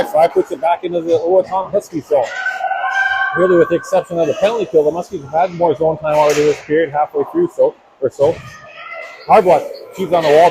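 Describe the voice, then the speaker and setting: Amid rink noise at an ice arena, a man on the high side gives live hockey play-by-play. His commentary is a fast, continuous stream of action punctuated by self-corrections.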